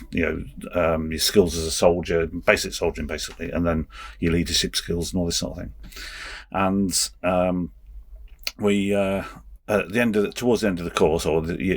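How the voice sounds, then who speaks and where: A middle-aged man with a very deep voice tells an anecdote on a podcast. He speaks haltingly, restarts his sentences often and breaks into chuckles. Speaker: guest, race official and former soldier. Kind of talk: anecdotal storytelling.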